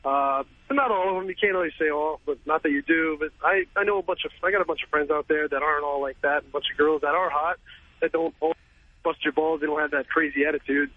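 A male radio caller with a slightly raised pitch, heard over a tinny phone line. He speaks casually and hedges his points, and the sound is dry. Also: husky, no echo. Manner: casual, measured, hedging. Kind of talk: call-in talk radio. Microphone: telephone.

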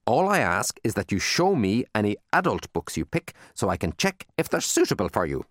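A man puts on a stern older librarian woman, fierce but kind underneath. She talks in clipped, commanding orders in a low voice, his pitch swinging wide, and the sound is dry and close. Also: sing-song, fairly quick, fairly bright tone, no room sound. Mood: warm.

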